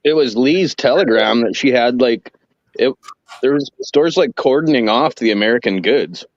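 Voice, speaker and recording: A man's voice: medium pitch, normal speed, dry recording. A man in casual chat, telling stories with a lot of swearing. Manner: profane, animated storyteller. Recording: dull, dry lo-fi audio.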